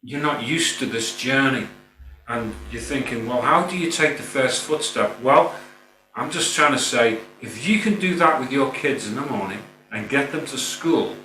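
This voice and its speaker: A man's voice: mid-range voice, bright, forceful tone. Earnest middle-aged man, roomy and distant. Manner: informal, earnest, rambling, frequent "you know". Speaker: spiritual speaker. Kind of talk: spoken reflective talk. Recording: roomy, distant mic with faint hum.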